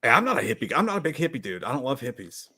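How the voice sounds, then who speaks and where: Lively, bright-voiced male host. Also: medium pitch, very fast, slightly rough. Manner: crude joking, reads chat comments aloud. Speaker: livestream co-host. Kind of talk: casual chat. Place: at home.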